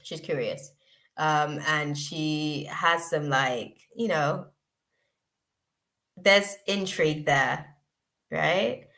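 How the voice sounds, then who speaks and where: A woman's voice: sits low, extremely slow, gravelly, long pauses, bright, forceful tone. A woman giving a live tarot reading, hesitant and chatty, with many fillers as she searches for words. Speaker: tarot reader.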